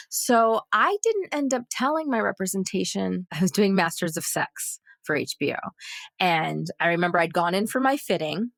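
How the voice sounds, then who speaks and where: A woman, a guest actress on a podcast round table, telling a personal story in a lively way and acting out the other people's voices. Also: medium pitch, moderate pace, dry recording, studio quality. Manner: animated, acts out quoted voices.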